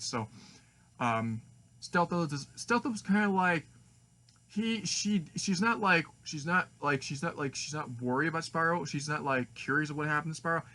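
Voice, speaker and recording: A man's voice: fairly high pitch, expressive, normal speed, pushed and bright. A man rambling through a fan story idea with many restarts and fillers. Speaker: fan video maker.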